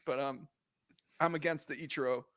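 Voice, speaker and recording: A young man hosting a casual sports podcast, animated and joking, heated as he rants, full of slang and filler words. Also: fairly high pitch, moderate pace. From Korean American. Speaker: podcast host.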